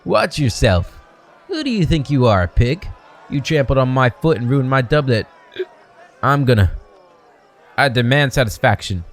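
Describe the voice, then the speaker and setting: A man voicing a drunk, arrogant young male bully who sneers and shouts. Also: medium pitch, lively intonation, unhurried, pauses often. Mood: belligerent. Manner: loud, sneering and belligerent.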